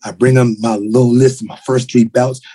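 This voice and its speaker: A man, a martial arts school owner, talking bluntly and telling animated stories with street slang on a podcast. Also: mid-range voice, fairly quick, breathy edge, no echo. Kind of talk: casual podcast conversation. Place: podcast recording.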